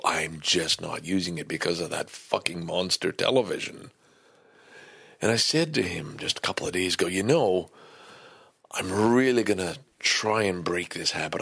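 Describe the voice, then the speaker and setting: A man's voice: low voice, creaky, a bit bright, breathy edge. An older man hosting a podcast from his home basement, talking in a rambling, profane, worked-up way. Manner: ranting, profane, easily worked up. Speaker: podcast host. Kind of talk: casual rambling monologue.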